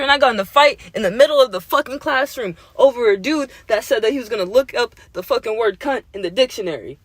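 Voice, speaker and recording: A man hosting a casual show, telling a story in an animated, slangy, profane way, often laughing. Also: extremely high pitch, a little fast, no room sound. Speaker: host.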